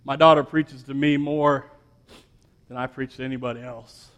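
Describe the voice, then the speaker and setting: A man's voice: mid-range voice, fairly even intonation, normal speed, fairly bright tone, muffled recording. A man in his thirties, a pastor, preaching an emphatic sermon and repeating words as he builds up.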